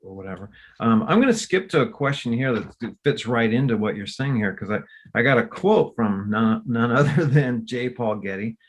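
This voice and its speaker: A man's voice: medium pitch, expressive, normal speed, hardly any pauses. A man hosting an interview, easygoing and thinking aloud as he frames his questions. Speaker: podcast host, interviewer. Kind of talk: conversational interview.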